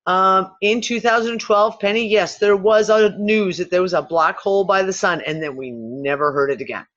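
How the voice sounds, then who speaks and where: A man hosting a discussion show, thinking out loud in loose, rambling speech with casual swearing and frequent restarts. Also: high voice, normal speed. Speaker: podcast host. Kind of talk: casual speculative talk. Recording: dull lo-fi recording.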